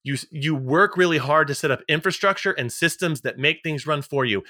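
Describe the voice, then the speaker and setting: Here a man co-hosting a podcast talks a little fast in a high-leaning, bright, pushed voice, captured in a studio with no room sound. The conversation is casual, yet he drives it emphatically and motivationally, restating key ideas with mild sarcasm.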